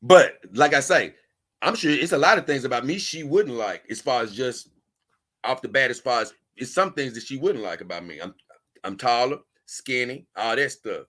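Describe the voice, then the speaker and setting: Guy on a livestream reading chat, bright punchy voice, rambly and laid back. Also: mid-range voice, expressive, moderate pace. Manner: loose, rambling, chuckling asides. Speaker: livestream host. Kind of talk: casual livestream chat reading viewer comments.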